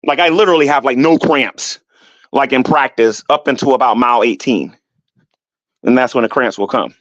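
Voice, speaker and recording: A middle-aged man ranting on his vlog, animated and defensive, repeating himself and climbing higher when heated. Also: moderate pace, no room sound, highs cut off. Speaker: YouTuber. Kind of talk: rambling vlog rant.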